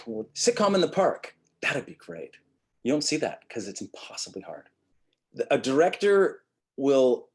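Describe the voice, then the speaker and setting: A man teaching an acting webinar, blunt and profane, acting out quick lines of dialogue as examples. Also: medium pitch, breathy edge. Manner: blunt, profane, animated, acts out quick quotes. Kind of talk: webinar lecture.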